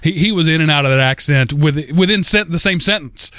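A man's voice: fairly high pitch, fairly quick, bright, forceful tone, no room sound, studio quality. A man co-hosting a podcast in casual chat, rambling and restarting his sentences often. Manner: rambling, with many restarts and stammered repeats. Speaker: podcast co-host.

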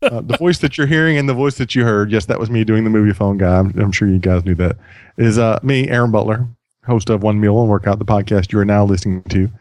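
A man's voice: fairly low pitch, fast, darkish tone, dry recording. A man hosting a podcast in casual chat, rambling and self-deprecating, often restarting his sentences. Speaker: podcast host.

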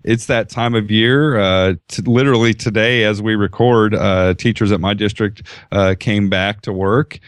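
A man's voice: lowish voice, fairly even intonation, normal speed, hardly any pauses, clear, resonant tone, no room sound, clean studio sound. A man co-hosting a podcast who talks in an easygoing, hesitant way with many fillers. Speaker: podcast co-host. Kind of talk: casual chat.

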